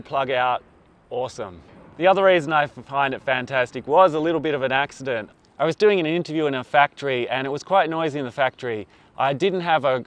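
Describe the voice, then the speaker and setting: A man explaining filmmaking to camera in an upbeat, conversational teaching style, recorded on a lapel mic. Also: mid-range voice. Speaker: filmmaking tutor. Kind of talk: instructional video talk to camera.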